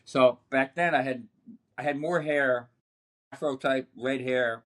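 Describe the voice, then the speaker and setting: Older man, animated sportswriter storyteller. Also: medium pitch, measured pace. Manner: animated, rambling storytelling with many restarts. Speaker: sportswriter guest. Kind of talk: anecdotal podcast conversation. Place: podcast setup.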